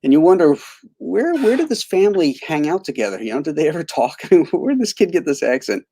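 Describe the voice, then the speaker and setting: A man's voice: fairly high pitch, sing-song, fairly quick, warm tone, no room sound. A man hosting a casual film commentary, rambling with many fillers and restarts. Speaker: host.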